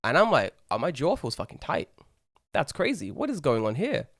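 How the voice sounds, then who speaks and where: A young man co-hosting a podcast, rambling through a story and swearing freely. He animates the people he quotes with bursts of pitch, and his voice sits dry and close to the mic. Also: moderate pace, no room sound. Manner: rambling, swears a lot, animated when acting out others. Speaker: podcast co-host. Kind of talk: casual storytelling chat.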